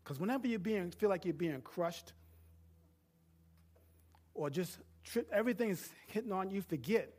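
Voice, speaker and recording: A man preaching a sermon, rising from quiet talk to shouting and asking the congregation to call back answers. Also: high-pitched, lively intonation, moderate pace, pauses often, slightly rough. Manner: builds from quiet to shouting, call-and-response questions. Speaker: pastor.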